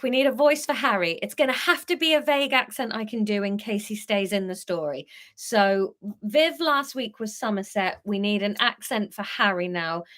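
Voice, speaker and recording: A woman's voice: mid-range voice, sharp tone. A woman reading her own story aloud on a live stream, breaking off to laugh and chat with viewers between passages. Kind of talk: live book reading with chatty asides to viewers.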